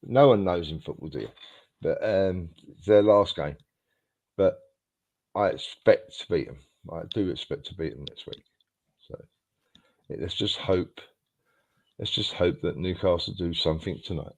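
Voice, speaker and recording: A man's voice: deep voice, moderate pace, pauses often, darkish tone. A man with an English accent co-hosting a casual football fan show, easygoing and a little rambling. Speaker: podcast co-host. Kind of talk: casual chat.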